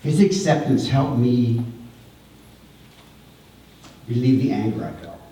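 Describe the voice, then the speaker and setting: A middle-aged man delivering a heartfelt eulogy at a memorial service, halting and repeating words as he speaks with feeling. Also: medium pitch, mellow. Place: large hall at a memorial service. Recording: echoey hall, voice far from the mic.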